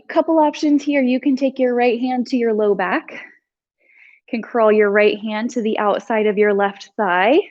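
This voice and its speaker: A woman instructor leading a live yoga flow, giving calm breath cues with chatty asides, a little out of breath. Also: a little high, highs cut off. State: slightly out of breath. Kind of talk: live yoga class cueing.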